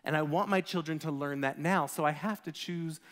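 A man in his thirties, a pastor giving a conversational sermon, animated as he tells stories about his kids. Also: on the high side, moderate pace, long reverb tail. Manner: conversational, animated storytelling with acted quotes.

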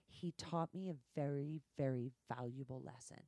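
In a casual podcast chat, a female guest tells blunt, profane, animated stories from her work. Her bass voice moves at a normal speed, and there's no echo.

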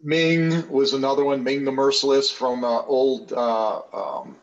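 An older man in his sixties sits in as a podcast guest and spins loose, rambling anecdotes, circling back with fillers and restarts. His mid-pitched voice comes through a slightly dull, lo-fi recording. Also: measured pace, gravelly. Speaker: podcast guest, former football player. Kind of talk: casual storytelling interview.

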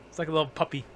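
A man's voice: fairly high pitch, no echo. A man co-hosting a casual podcast, rambling with lots of fillers, restarts and frequent laughter. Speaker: podcast co-host.

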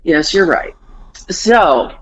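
Lively, swearing woman in her forties. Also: on the low side, extremely slow, dull audio, very noisy. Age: 40s. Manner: animated storytelling, acts out family quotes, swears freely. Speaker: podcast co-host. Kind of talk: casual chat.

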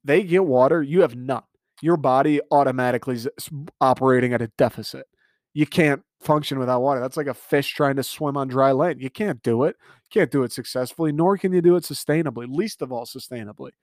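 A young man delivering an animated comedic rant monologue, exasperated and laughing at his own jokes. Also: medium pitch, brisk, no echo, studio quality.

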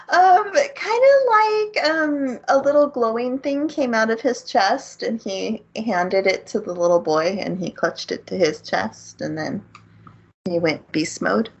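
Here a woman talks slowly in a slightly high, husky voice, captured on a muffled recording. As one of the podcast's co-hosts, she casually walks through an anime storyline, often breaking into laughter.

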